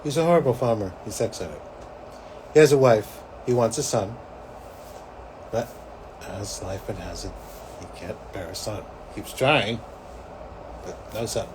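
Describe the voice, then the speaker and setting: A man's voice: lowish voice, a little slow, long pauses, background noise. A man hosting a psychic show, telling a story in a rambling, casual way, full of "like" and "you know". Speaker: psychic host.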